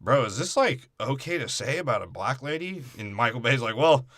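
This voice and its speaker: A man's voice: mid-range voice, expressive, fairly quick, a bit bright, no room sound, clean studio sound. A man co-hosting a comedy movie podcast, riffing crudely and slipping into character voices. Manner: riffs with put-on character voices. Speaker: podcast co-host.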